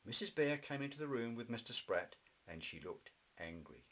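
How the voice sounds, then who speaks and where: Husky man reading a children's story. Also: medium pitch, expressive, moderate pace, fairly bright tone, poor audio. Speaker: narrator.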